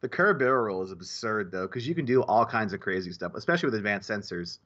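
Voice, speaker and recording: A man's voice: lowish voice, expressive, fast talker, fairly bright tone, muffled recording. A man in casual podcast chat, rambling with many restarts and repeated words. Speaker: podcast co-host.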